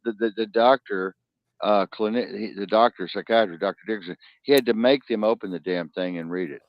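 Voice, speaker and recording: A man telling long rambling stories and jokes in casual chat, jumping into high voices when he quotes people. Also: fairly quick, no room sound. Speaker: co-host. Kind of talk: casual storytelling and joke telling. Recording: dull lo-fi sound.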